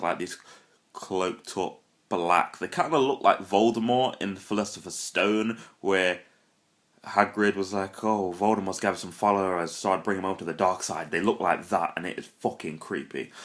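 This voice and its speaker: Swearing guy ranting about films. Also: deep voice. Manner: profane, rambling and animated. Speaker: vlogger reviewing films. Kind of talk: casual ranting film review.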